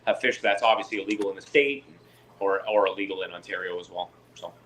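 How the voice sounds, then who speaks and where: This Canadian fish keeper has a deep voice and talks fast, in a rough recording with a bit of hiss or hum. Chatting casually on a live chat, he tells stories with animation, voicing each side of the exchanges.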